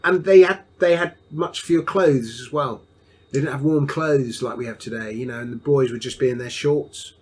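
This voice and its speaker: A man's voice: mid-range voice, normal speed, slightly rough. Man telling a family story. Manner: warm anecdotal storytelling with frequent restarts. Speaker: guest. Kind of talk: storytelling in a podcast interview.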